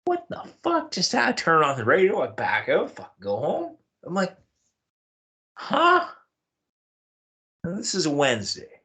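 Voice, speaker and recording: His pitch swoops wildly as this podcast host rattles through a personal anecdote fairly quickly and with few pauses, his voice husky and a little bright. He swears a lot, sounds thoroughly exasperated and bewildered, and keeps bursting out in high-pitched yelps.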